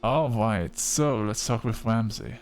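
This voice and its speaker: A man's voice: fairly low pitch, unhurried, darkish tone, soft background music. A man giving casual let's-play commentary, chatting and reading game dialogue aloud. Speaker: gaming video creator.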